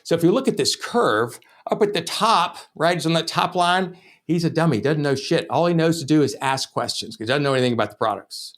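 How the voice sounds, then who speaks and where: A man hosting a sales podcast, telling a story as a lesson in a casual, profane, anecdotal way. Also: on the high side. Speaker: sales trainer and podcast host.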